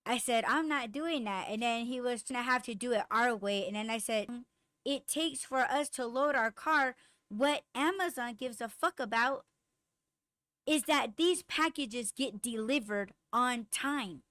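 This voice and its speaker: A woman's voice: fairly high pitch, a little slow, no room sound, studio quality. A young adult woman hosting a podcast, telling a heated work story in casual chat, full of swearing, fillers and quoted dialogue. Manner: profane, animated, lots of fillers and quoted dialogue. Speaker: podcast host.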